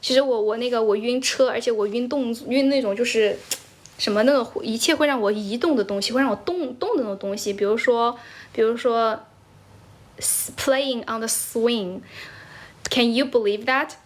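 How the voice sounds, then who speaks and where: Young woman from china on a livestream, slightly high voice, chatty, laughs a lot, thanks ppl for gifts. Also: moderate pace. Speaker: livestream host. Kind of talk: casual livestream chat, mixing English and Chinese. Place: indoors, squatting while streaming.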